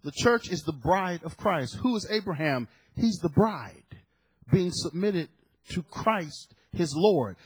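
A man's voice: high voice, animated, slow, breathy edge, no room sound, rough recording. A male pastor preaching a sermon emphatically, often chuckling and putting questions to the congregation.

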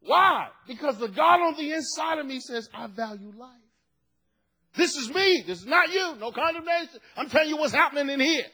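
A middle-aged male pastor preaching a sermon, swinging from shouted emphasis to hushed asides. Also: very high-pitched, expressive, fairly quick, hardly any pauses, rough recording.

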